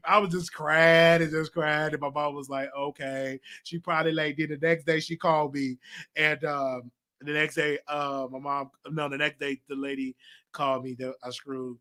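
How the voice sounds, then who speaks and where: A man hosting a show and telling a personal story in a rambling, animated way, with laughter and many restarts. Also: on the high side, normal speed. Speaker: talk show host. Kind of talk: casual storytelling monologue.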